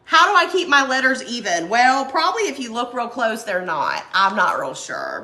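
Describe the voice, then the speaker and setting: A woman's voice: medium pitch, wildly swooping pitch, normal speed, vocal fry, hardly any pauses, sharp tone, roomy sound. A woman who has a cold, chatting casually and laughing as she crafts and answers viewer comments. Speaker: craft livestream host. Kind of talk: casual chat while crafting.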